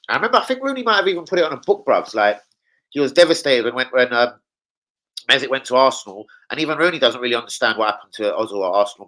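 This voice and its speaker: A man's voice: medium pitch, rough recording. A young man ranting casually about football as a fan channel host, swearing a lot and slipping into impressions of people. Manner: animated, sweary, slangy, mimics people.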